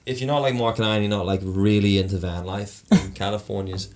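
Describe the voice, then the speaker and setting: A man co-hosting a podcast, telling a story in casual, animated chat, swearing and acting out quotes. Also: fairly low pitch, quick pace. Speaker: podcast co-host.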